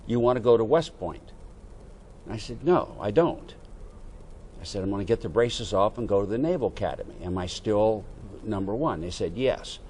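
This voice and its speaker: An older American man, a veteran, telling a lively story from his youth and acting out the dialogue. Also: on the low side, fairly quick, slight background noise. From United States. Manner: animated anecdote-telling with quoted dialogue. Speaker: veteran interviewee. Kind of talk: oral history storytelling.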